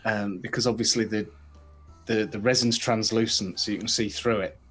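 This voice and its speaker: A man's voice: fairly low pitch, fairly even intonation, moderate pace, a bit bright, breathy edge, faint music behind. A British man co-hosting a casual podcast chat, rambling with many restarts. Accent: British English. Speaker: podcast co-host.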